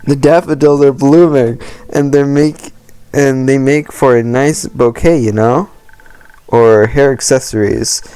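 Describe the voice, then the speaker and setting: A man's voice: medium pitch, fairly even intonation, unhurried, dark tone, smooth, natural voice. A man reading the lines of a clumsy, unlucky, anxious young adventurer from a game, telling stories against himself and stumbling over hard words. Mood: rueful. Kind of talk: reading game dialogue aloud.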